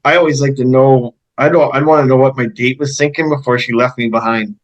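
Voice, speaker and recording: A Canadian man hosting an interview, asking easygoing questions with halting restarts. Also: mid-range voice, fairly even intonation, highs cut off. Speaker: podcast host.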